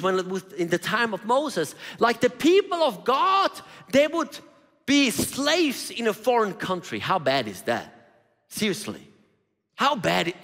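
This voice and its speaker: Animated high-voiced preacher man in a hall. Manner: animated, conversational preaching with rhetorical questions and voiced quotes. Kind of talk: sermon. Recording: reverberant hall.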